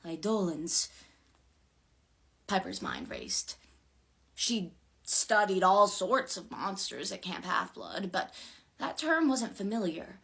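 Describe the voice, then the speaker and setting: A woman reading a fantasy novel aloud in an expressive, dramatic way. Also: mid-range voice, slow pace, vocal fry, long pauses. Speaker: reader.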